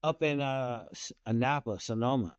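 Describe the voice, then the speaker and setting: A man's voice: mid-range voice, normal speed, clear, resonant tone, no room sound, dull audio. A man talking in a casual video call chat, rambling and hesitant with many restarts.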